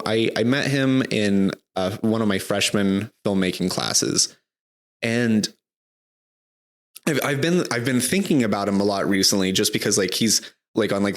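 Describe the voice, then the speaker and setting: Halting low-voiced young man chatting. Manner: halting, many restarts and fillers. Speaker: podcast co-host. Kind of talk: casual chat.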